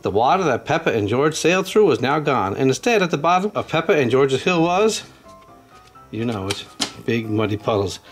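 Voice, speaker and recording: Animated man reading a storybook aloud. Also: medium pitch, normal speed, faint music behind. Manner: chatty, animated, comments to young viewers. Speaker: channel host. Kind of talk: casual toy unboxing and storybook read-aloud.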